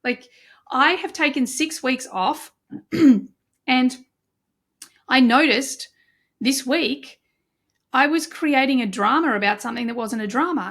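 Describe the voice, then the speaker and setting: Gravelly-edged woman podcast host. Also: sits high, slow, pauses often, fairly bright tone. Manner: earnest, reflective, with many restarts and self-talk asides. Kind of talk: solo podcast talk.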